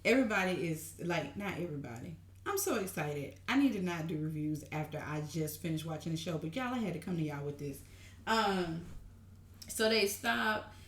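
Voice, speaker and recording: Animated woman gushing over a tv episode, keeps calling folks honey and y'all, roomy sound. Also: low voice, fairly quick. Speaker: TV recap vlogger. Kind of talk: excited casual recap. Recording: roomy echo.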